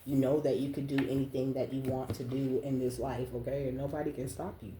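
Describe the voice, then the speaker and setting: Low, mellow-voiced woman reader, blunt and profane. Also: little pitch movement, brisk, slight background noise. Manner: blunt, profane, laughs often, tags lines with "okay?". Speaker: spiritual card reader. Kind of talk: casual spiritual reading to camera. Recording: roomy echo.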